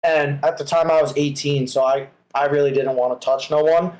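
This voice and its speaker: A young man joins the stream and rambles through his own story with lots of swearing. His voice sits a little high. He sounds laid-back and casual. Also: fairly even intonation, moderate pace, darkish tone, poor audio. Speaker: stream guest.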